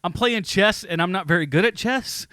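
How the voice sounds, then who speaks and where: A man's voice: high voice, normal speed, bright, forceful tone, clean tone, no echo, clean studio sound. A man hosting a casual podcast chat, rambling with lots of fillers and frequent laughs. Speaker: podcast host.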